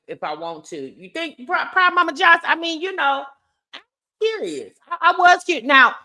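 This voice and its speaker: Chatty woman with a bright, lively voice. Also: medium pitch. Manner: chatty, opinionated, addresses viewers as y'all. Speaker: commentary host. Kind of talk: casual gossip commentary.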